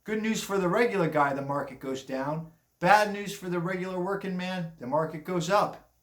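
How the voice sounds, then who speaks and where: Older male commentator, rambling and blunt, slightly raised pitch, recorded in an echoey room. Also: moderate pace, a bit bright. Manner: rambling, blunt, chuckling asides. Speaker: commentary vlogger. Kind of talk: casual opinion monologue.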